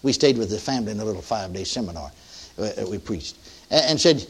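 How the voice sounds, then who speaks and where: A man's voice: lowish voice, expressive, quick pace, slightly rough. An older man preaching a sermon, telling a story in a folksy way, with many restarts and emphatic peaks.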